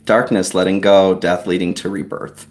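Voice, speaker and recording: A man giving a live-streamed tarot reading, chatty and soft-spoken, talking straight to his viewers and getting choked up at times. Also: low-pitched, flat delivery, normal speed, a little hiss or hum. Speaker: tarot reader. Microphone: on-camera livestream mic.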